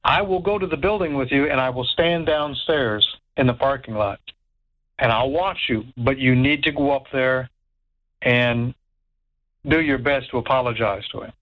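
A man telling a ghost story in an animated way, stammering, repeating words and acting out what others said. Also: medium pitch, moderate pace, narrow, tinny audio. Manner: stammers and repeats words, acts out quoted voices. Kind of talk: animated spoken anecdote.

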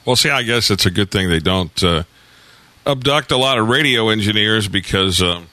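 A man hosting a radio interview, asking animated, incredulous questions. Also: fairly low pitch, normal speed, no echo. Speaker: radio host.

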